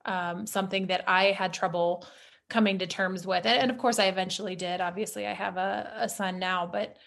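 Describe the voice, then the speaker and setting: A woman guest on a podcast, speaking candidly and personally in easy conversation. Her voice sits at a middle pitch. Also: steady tone, a little fast, gravelly, fairly bright tone.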